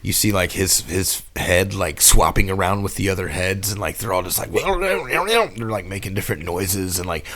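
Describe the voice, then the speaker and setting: A man with a very low voice playing a tabletop game. He rambles through his description and fills every pause with "like". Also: level tone, fairly bright tone. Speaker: player. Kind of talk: tabletop role-play.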